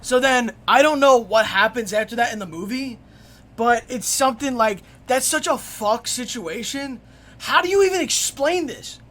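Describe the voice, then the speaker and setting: A man's voice: very high voice, moderate pace. Rambling, profane young male streamer. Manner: rambling, profane, excitable storyteller. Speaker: live streamer. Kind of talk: casual live-stream storytelling.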